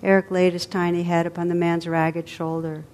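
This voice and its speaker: Soft-spoken woman telling a story. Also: fairly low pitch, level tone, normal speed, slight background noise. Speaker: meditation teacher. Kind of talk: storytelling in a dharma talk.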